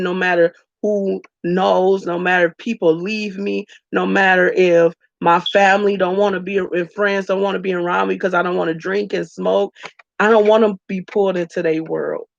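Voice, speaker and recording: A woman vlogger speaks candidly and emotionally, tearing up as she talks to her viewers as "y'all." Her lowish voice has a gravelly edge. The dry, slightly dull recording has no room sound and seems made on a phone in a small room.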